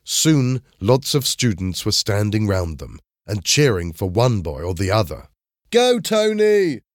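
A man narrating a children's story in a clear, measured reading style. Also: on the low side, expressive, dry recording, studio quality.

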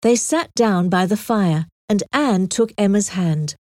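A woman narrating an audiobook with a clear, expressive reading on a close mic. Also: medium pitch, unhurried, no echo.

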